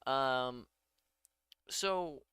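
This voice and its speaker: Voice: mid-range voice, very slow, a bit bright, clear, resonant tone, no echo, clean studio sound. A programmer thinking aloud while coding in a casual vlog, muttering to themself and laughing at their own mistakes.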